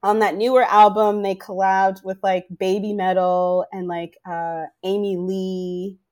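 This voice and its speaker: A woman's voice: mid-range voice, little pitch movement, measured pace, a little mellow. A woman in casual chat, speaking in loose, rambling phrases with constant fillers.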